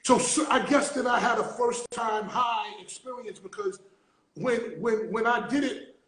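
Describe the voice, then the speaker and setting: Excitable high-voiced man, roomy echo. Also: a little slow. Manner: excitable, stammering, animated storytelling. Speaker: interview host. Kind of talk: casual chat.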